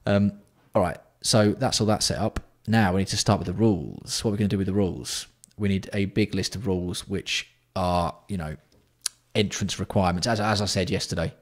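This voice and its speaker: Low-voiced man, sweary livestream banter. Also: fairly quick. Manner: banter-filled, sweary, reads out and answers chat; keeping his voice down. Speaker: livestream host. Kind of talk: casual livestream chat with viewers.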